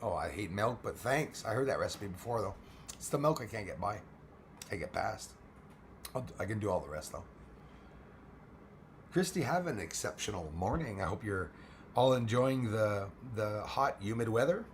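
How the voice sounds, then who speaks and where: A man with a hoarse, failing voice hosting a casual live stream, speaking quietly as he greets viewers. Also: expressive, moderate pace, long pauses, a little hiss or hum. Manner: speaks quietly and keeps it low. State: hoarse, losing his voice.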